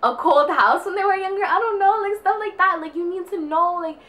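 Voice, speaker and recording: A young woman with a high, bright-pitched voice talks through a get-ready-with-me chat at home. She is earnest and rambling, and leans on "like" constantly as she sorts out her thoughts. There is a faint hum of ambience behind her. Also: brisk. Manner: earnest, rambling, heavy use of "like". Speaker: beauty vlogger.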